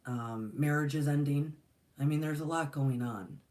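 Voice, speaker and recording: A woman's voice: sits low, normal speed, darkish tone. A middle-aged woman telling a personal story in a rambling, earnest way, with many fillers and restarts. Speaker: spiritual teacher and channel host. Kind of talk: casual storytelling monologue.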